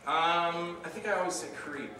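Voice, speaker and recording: A man answering audience questions at a convention panel, telling animated stories and acting out the dialogue with loud outbursts. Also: fairly high pitch, normal speed. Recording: roomy hall, distant mic, noisy.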